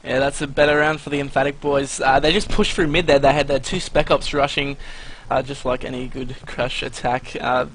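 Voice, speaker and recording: A man's voice: mid-range voice, little pitch movement, brisk, fairly bright tone, a little hiss or hum, rough recording. A man giving live color commentary on a game match, breaking down scores and plays with frequent fillers. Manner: analytic, laced with "uh" and "anyway" fillers. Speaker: esports commentator.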